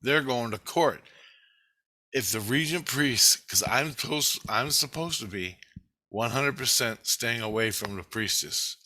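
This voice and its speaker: A man's voice: mid-range voice, expressive, measured pace, bright, forceful tone, no room sound, clean studio sound. A middle-aged man telling a long, rambling story in a casual, profane way. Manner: rambling, profane, retelling a dream. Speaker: vlogger.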